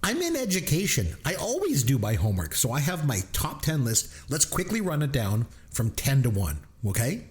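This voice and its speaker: A man's voice: mid-range voice, wildly swooping pitch, moderate pace, hardly any pauses. A man who works in education, co-hosting a movie review podcast with enthusiasm and frequent laughter. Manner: enthusiastic, laughs often, quotes lines with gusto. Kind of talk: casual movie review chat.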